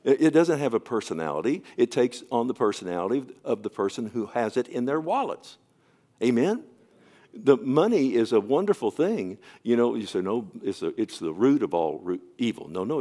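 A man's voice: mid-range voice, very animated, normal speed, mellow. A man preaching a sermon as pastor, emphatic and repeatedly asking his congregation to affirm what he says.

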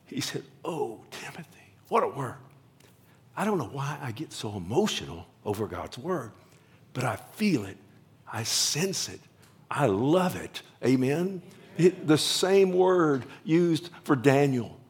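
Gravelly-voiced passionate preacher man. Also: mid-range voice, big pitch swings, a little slow. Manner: passionate, swings from loud exclamations to hushed whispers. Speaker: pastor. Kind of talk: sermon.

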